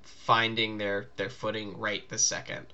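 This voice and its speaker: A man's voice: lowish voice, completely flat delivery, measured pace, sharp tone. A man co-hosting a casual podcast, laughing often and rambling. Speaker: podcast co-host. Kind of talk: casual chat.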